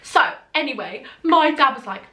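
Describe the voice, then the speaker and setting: Bright, giggly young woman. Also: high-pitched, lively intonation, normal speed. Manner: chatty, giggly, acts out voices of others. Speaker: beauty vlogger. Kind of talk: casual storytelling to camera. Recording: echoey room.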